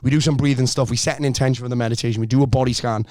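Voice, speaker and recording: A middle-aged man speaks as a podcast guest, direct and energetic, with plenty of swearing. His voice sits at an ordinary middle pitch. The recording is dry, with no room echo. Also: rapid-fire. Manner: blunt, energetic, swears freely. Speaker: life coach, podcast guest. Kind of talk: casual podcast conversation.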